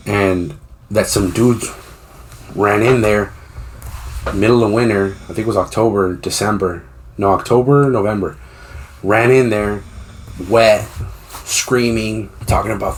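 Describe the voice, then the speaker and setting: Male podcast host, low-pitched, loose profane storyteller who acts out quotes. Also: a little hiss or hum. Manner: rambling, profane storytelling with lots of fillers; acts out quoted voices while retelling. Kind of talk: casual chat.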